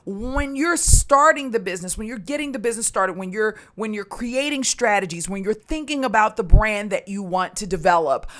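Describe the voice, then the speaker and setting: A woman's voice: a little high, fairly bright tone. Upbeat woman coaching in a business tutorial. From Maryland, USA. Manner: upbeat, coaching tone with frequent fillers and restarts. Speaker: recruitment and staffing coach.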